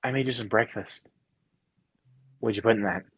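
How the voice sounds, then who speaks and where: Hushed menacing masked kidnapper , as a man puts him on. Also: on the low side, fairly even intonation, normal speed, slightly rough, dry recording, highs cut off. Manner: hushed, creeping menace, drops to a whisper. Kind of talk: film quote impression.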